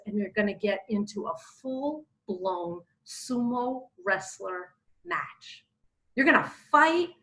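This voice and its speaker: A woman, a spiritual teacher, giving a casual spiritual talk with animated, expressive storytelling. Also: a little high, rough recording.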